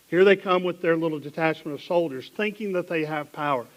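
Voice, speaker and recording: A man with a Southern American accent preaching a sermon in a church, reading scripture dramatically and dropping into quiet asides. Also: fairly high pitch, brisk, poor audio. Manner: animated, dramatic Bible reading with sudden drops to hushed asides. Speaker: pastor. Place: church sanctuary.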